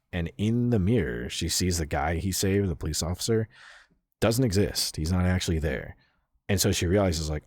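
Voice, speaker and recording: Very deep husky man rambling casually. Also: no room sound, studio quality. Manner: rambling, lots of "like" fillers, swears casually. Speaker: streamer. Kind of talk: casual chat retelling a story.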